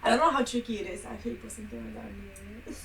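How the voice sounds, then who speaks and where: A woman co-hosting a casual podcast chat, teasing and quick with giggly asides. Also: fairly high pitch, steady tone, gravelly, distant mic, a crowd in the background, low-quality recording. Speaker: podcast co-host.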